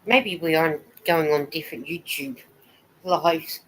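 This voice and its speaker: A woman's voice: low-pitched, measured pace, fairly bright tone, a little hiss or hum, poor audio. A woman hosting a casual live stream, knitting as she talks, chatty and rambling as she greets viewers and reads their comments aloud.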